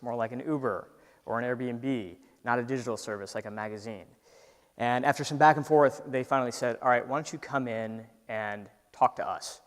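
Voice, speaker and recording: A man gives a lively talk to an audience, acting out the doubting voice in his head as he goes. His voice sits at a middle pitch. The sound carries the long reverb of a large hall. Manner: animated storyteller, acts out his inner voice, frequent "right?". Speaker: entrepreneur giving a talk. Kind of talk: conversational keynote talk.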